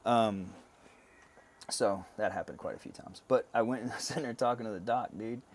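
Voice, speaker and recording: A man's voice: lowish voice, a little fast, slight background noise. A man in his thirties, a podcast guest telling a personal story in a blunt, profane, casual way, laughing along. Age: 30s.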